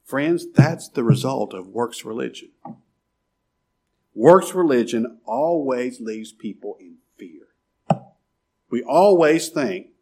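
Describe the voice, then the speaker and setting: A male pastor in the middle of a sermon, his voice slightly husky. His pitch rises and falls in wide, lively sweeps. He drives points home with rhetorical questions and sudden quiet murmurs. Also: a little slow.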